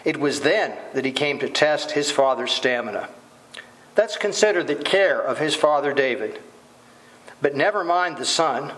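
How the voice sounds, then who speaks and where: A man's voice: on the high side, lively intonation, moderate pace, fairly bright tone, low-quality recording. A man preaching a sermon, asking rhetorical questions and voicing quoted lines dramatically.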